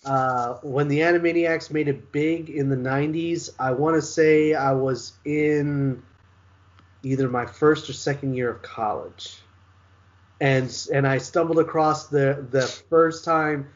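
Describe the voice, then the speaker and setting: A middle-aged man co-hosting a show, chatting casually with relaxed storytelling and wry asides. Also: mid-range voice, dull audio. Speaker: podcast co-host. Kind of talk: casual chat.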